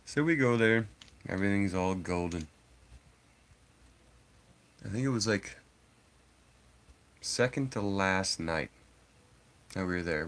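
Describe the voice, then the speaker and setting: Blunt, profane lower-voiced streamer man. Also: fairly bright tone, a little hiss or hum. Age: adult father. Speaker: live streamer. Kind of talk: casual storytelling to a live chat.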